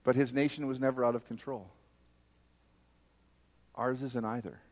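A man preaching a sermon with fervent, emphatic delivery. He speaks at an ordinary mid pitch and leans hard into each point of his testimony. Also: steady tone, normal speed, darkish tone.

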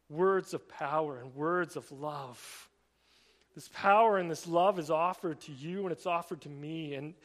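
A man preaching a sermon, swinging between emphatic raised passages and quiet, drawn-out emphasis. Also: fairly high pitch, in a large hall. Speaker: pastor.

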